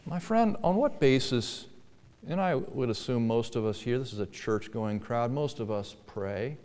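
A man's voice: medium pitch, animated, a little slow, darkish tone. Man preaching in an echoey church. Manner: earnest, rising and falling for emphasis, acted-out pleading quotes. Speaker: pastor. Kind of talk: sermon. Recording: reverberant church hall.

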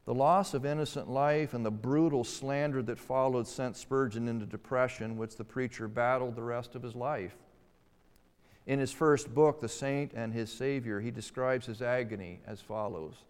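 A man preaching a sermon, swinging between emphatic rises and hushed, slow passages. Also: medium pitch, steady tone, smooth. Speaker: pastor. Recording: long hall reverb.

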